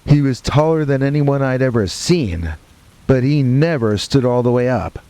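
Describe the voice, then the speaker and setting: Mellow-voiced man narrating a horror story. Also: medium pitch, normal speed.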